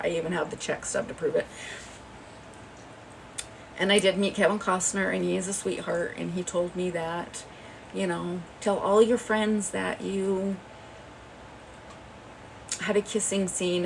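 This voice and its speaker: A woman with a fairly low, gravelly voice hosts a livestream, telling a rambling, gossipy story in a chatty way and often laughing. She's far from her phone mic, and the low-quality recording has slight background noise.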